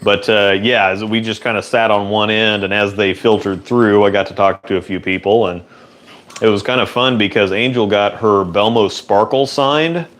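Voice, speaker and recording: A man hosting a relaxed, rambling chat in a workshop, answering viewer questions. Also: on the low side, normal speed. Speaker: host. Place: indoor workshop.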